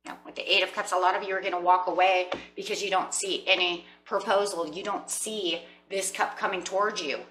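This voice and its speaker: A chatty woman gives a rambling tarot reading, her voice bright and a little low-pitched. She sounds set back from the mic in an echoey room. A faint hum sits behind her. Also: fairly even intonation, a little fast, few pauses, distant mic. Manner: chatty, rambling, addresses viewers as guys. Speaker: tarot reader.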